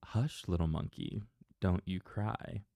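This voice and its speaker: A man's voice: low voice, slow pace, mellow, no echo. A man playing a coaxing helpful butterfly. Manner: coaxing, sing-song rhyming. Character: kind helpful butterfly, eager guide. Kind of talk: bedtime storybook reading.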